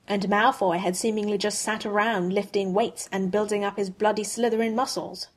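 A woman reading fan fiction aloud in a steady, expressive storytelling manner. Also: mid-range voice. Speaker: audiobook reader.

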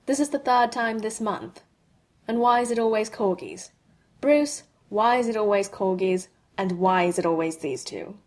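A woman voicing a brash, sarcastic man in an audiobook reading, with a husky tone and quick, exasperated banter. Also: medium pitch, lightly acted.

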